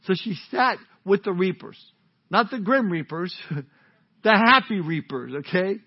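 A pastor preaching a sermon in a casual, joking, conversational way, on a dull lo-fi recording. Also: male voice, high-pitched, animated, unhurried, husky. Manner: conversational, joking, warm-hearted.

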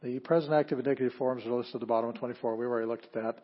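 A man teaching a Greek grammar class, explaining plainly and leading students through a slow read-aloud. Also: medium pitch, steady tone. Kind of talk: classroom lecture. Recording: dull lo-fi classroom recording.

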